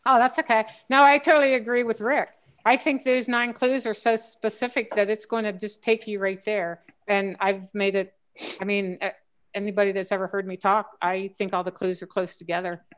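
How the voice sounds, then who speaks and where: A woman's voice: medium pitch, level tone, moderate pace. Rambling woman telling a search story. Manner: rambling, stacks restarts and fillers. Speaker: guest treasure hunter. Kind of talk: casual group chat.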